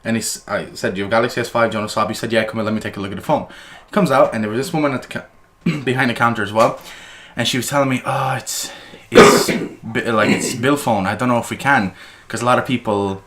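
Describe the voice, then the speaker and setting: A man co-hosting a casual podcast, telling a story in a fast, rambling way with restarts and indignant bursts. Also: medium pitch, steady tone, fairly bright tone. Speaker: podcast co-host.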